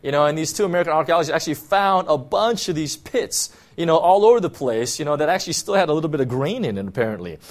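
A man's voice: on the high side, expressive, fast, hardly any pauses. A man preaching a sermon to his church, talking in a loose, conversational way and often checking in with "you know" and "right?". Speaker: pastor.

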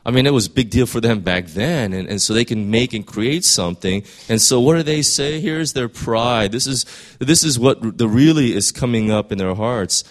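A man's voice: medium pitch, moderate pace. A man preaching a sermon in a conversational way, often repeating words and rising to emphatic peaks. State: voice straining, clearing throat. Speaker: pastor.

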